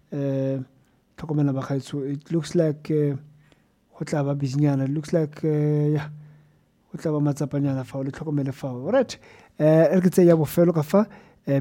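Radio host guy, laid back, mixes english in, warm dark voice, dry studio sound. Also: fairly high pitch, no room sound. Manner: relaxed, switches between Setswana and English. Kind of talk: call-in radio talk.

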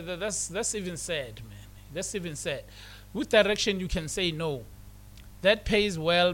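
A man's voice: sits high, fairly bright tone. A man hosting a radio show, talking in a casual, preachy way, repeating himself and mixing English with Setswana. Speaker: radio host. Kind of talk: casual motivational radio talk.

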